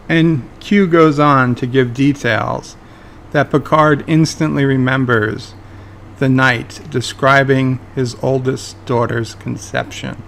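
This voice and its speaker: Guy doing fan speculation vlog, slow deliberate pace, mid pitch, pokes fun at his own impressions. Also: gravelly, a bit bright, slight background noise. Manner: self-deprecating about his impressions. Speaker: video host.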